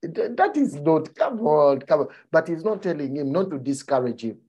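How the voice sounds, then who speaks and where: A man preaching a sermon, often asking his listeners whether they follow him and dropping to a soft, low voice for emphasis. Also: normal speed. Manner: animated, checks in with the listeners.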